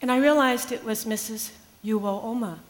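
A woman pastor telling a personal faith story in an earnest, measured, reflective way. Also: a little high. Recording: long hall reverb.

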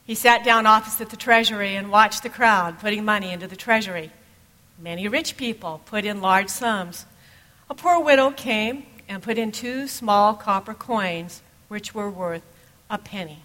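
A woman's voice: medium pitch, moderate pace, bright, forceful tone, long reverb tail, low-quality recording. Conversational woman pastor preaching. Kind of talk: sermon. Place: church sanctuary.

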